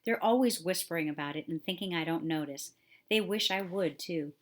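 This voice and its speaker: A woman's voice: on the low side, brisk, lightly acted. A woman voicing a sickly, restless rich boy who talks crossly about being ill. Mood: fretful. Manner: restless, cross, self-pitying. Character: sickly, fretful young rich boy, bedridden.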